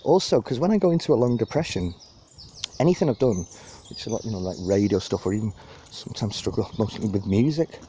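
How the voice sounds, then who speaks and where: A man's voice: lowish voice, expressive, fast, mellow. Chatty man on a park walk. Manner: rambling, chatty, self-deprecating. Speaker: vlogger giving a walking tour. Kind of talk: casual walking commentary. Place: outdoors in a city park. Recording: outdoor wind and birdsong noise.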